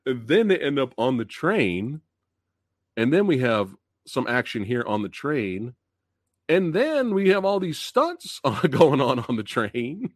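A man's voice: medium pitch, slow pace, no echo, studio quality. A man hosting a live movie review stream, chatting loosely and laughing a lot as he talks to viewers. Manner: excitable, laughs often, loose chatty slang; reads out chat messages and greets viewers. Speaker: movie review show host.

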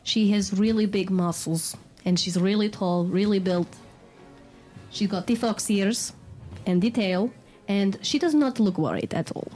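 A woman player in a tabletop game describing her character, wry and deadpan. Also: fairly low pitch.

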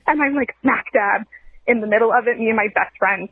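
A woman leaving a voicemail, telling a story in a loud, chatty way and laughing as she goes. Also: fairly high pitch, fairly quick, slightly rough. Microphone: phone. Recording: tinny phone voicemail.

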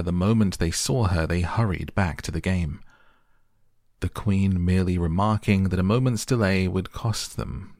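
A man narrating a storybook in a soft, slow, calm bedtime manner. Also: deep voice, creaky, dry recording, clean studio sound. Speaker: audiobook narrator.

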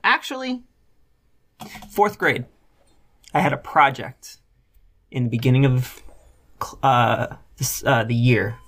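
A man's voice: medium pitch, lively intonation, slow pace, pauses often, a bit bright. A young man co-hosting a casual podcast, rambling with lots of fillers and casual swearing. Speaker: podcast co-host. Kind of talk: casual chat.

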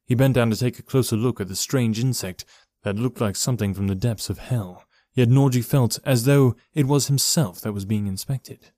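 A man giving a steady, measured reading of a horror story as narrator. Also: mid-range voice, dry recording. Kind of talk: scripted horror audiobook narration.

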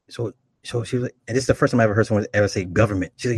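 Husky-voiced man telling crude stories. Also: fairly low pitch, racing, no room sound. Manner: loose, profane, laughing asides. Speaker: comedic storyteller. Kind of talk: profane comic storytelling.

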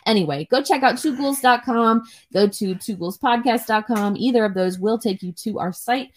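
A woman's voice: on the high side, moderate pace. A young woman co-hosting a podcast, chatting casually on a livestream in a rambling way and swearing freely. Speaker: podcast co-host.

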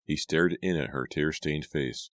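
A man reading an audiobook aloud, with measured, dramatic narration. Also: extremely low pitch, a bit bright, dry recording, studio quality.

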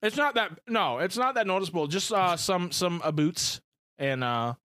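A man's voice: high-pitched, normal speed, dry recording, clean studio sound. A young man with a Michigan accent, hosting a podcast in loose, profane casual chat. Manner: loose and profane, lively intonation. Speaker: podcast host.

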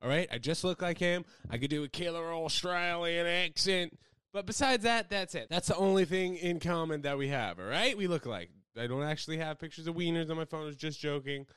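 A young American man chatting casually with his live viewers, rambling from topic to topic and swinging between loud bursts and low mumbles. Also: fairly quick, clean tone, dry recording, clean studio sound. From United States. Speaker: livestreamer. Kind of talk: casual rambling livestream chat.

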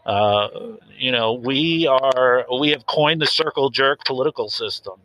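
Comedy bit: a man as an earnest, defensive protest-zone safety officer, bright forceful tone, lots of uhs. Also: medium pitch, unhurried, poor audio. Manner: hesitant, filler-heavy, defensive. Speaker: interviewee. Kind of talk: improvised mock interview.

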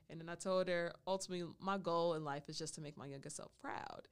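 A woman with a smooth, clean voice tells a personal story on her own podcast. She is playful and chatty, and she slips into talking about herself in the third person. She sounds close to a studio mic. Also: lowish voice, steady tone, quick pace, hardly any pauses. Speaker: podcast host.

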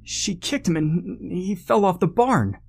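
A man's voice: a little high, lively intonation, takes it slowly, darkish tone, slightly rough, voice pushed up, exaggerated voice. A man voicing a frightened young man who stammers and panics. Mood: panicked. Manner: stammering, frantic.

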